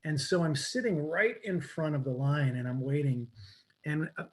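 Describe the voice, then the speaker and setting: A man on a video call telling a personal story in a live webinar, animated and dropping to a whisper for quoted lines. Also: on the high side, moderate pace, slightly rough, poor audio. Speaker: guest coach.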